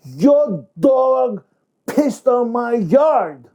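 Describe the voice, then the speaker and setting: A man voicing an obnoxious, fearless ex-Marine who angrily confronts his neighbor, pitched well above his own voice. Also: very animated, extremely slow, full character voice. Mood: furious. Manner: shouting angrily, higher and louder than his own voice.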